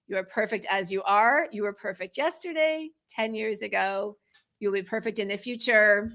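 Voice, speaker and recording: A woman's voice: fairly high pitch, sharp tone. A woman coaching self-love in an earnest, guided self-help talk, repeating phrases for emphasis.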